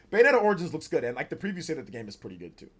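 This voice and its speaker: A man in his forties streaming live and reading chat, laid-back with bursts of animated teasing. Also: on the high side, breathy edge. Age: 40s. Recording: faint music behind the voice.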